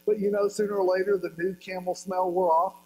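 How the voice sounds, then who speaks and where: A male pastor delivers a sermon, retelling a story with humor and briefly acting out its voices. His voice sits high for a man. A faint electrical hum runs under the recording. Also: little pitch movement, brisk, darkish tone, rough recording.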